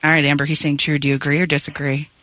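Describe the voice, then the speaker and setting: A man's voice: fairly high pitch, level tone, racing, sharp tone, no echo. A man hosting a radio morning show trivia game, laughing a lot and steering the banter along. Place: radio studio. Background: music playing.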